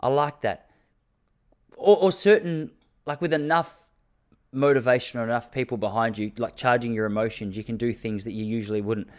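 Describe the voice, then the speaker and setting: A man's voice: medium pitch, normal speed. An Australian man in his thirties hosting a solo podcast, rambling and joking, with mock rants. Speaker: podcast host. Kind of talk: casual solo podcast chat.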